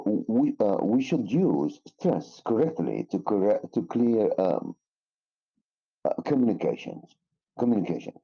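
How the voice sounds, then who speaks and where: A man with an Egyptian accent teaching an English lesson, speaking haltingly with many fillers and restarts. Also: lowish voice, dark tone, slightly rough. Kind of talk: explaining a lesson. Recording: dull lo-fi recording.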